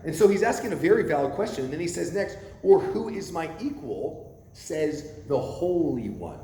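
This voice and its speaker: Animated pastor guy preaching, dark mellow voice, big echoey church hall, bit of hiss. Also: fairly high pitch, normal speed. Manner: animated, asks the congregation questions. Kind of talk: sermon. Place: church sanctuary.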